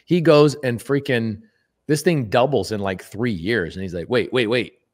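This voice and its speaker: A man talking as a guest on a podcast, emphatic and animated, who acts out quoted speech and repeats words for emphasis. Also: mid-range voice, moderate pace. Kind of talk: casual podcast conversation.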